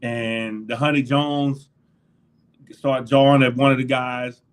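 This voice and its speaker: A middle-aged former NFL linebacker, speaking slowly in a clean, medium-pitched voice, shares locker-room stories as a guest in a casual interview. He laughs often and animatedly acts out what others said.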